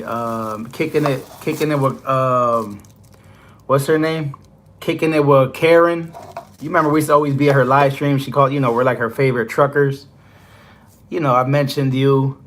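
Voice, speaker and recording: A man's voice: mid-range voice, steady tone, moderate pace, fairly bright tone, a little hiss or hum. Young trucker man, live-stream host, loose rambling delivery full of fillers. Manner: rambling, filler-heavy, "you know" constantly. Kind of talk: casual live-stream chat.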